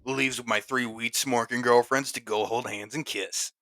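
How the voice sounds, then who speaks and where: A man hosting a comedy video, reading online posts aloud in a deadpan, mock-dramatic way. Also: mid-range voice, moderate pace, a little hiss or hum. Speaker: host.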